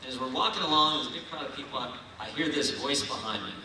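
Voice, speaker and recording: A man's voice: mid-range voice, fast, a little hiss or hum. Folksy man speaking in an echoey hall. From Ohio. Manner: folksy, storytelling, rousing. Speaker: keynote speaker. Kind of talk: political dinner speech. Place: large banquet hall. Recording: echoey hall, mic heard from far.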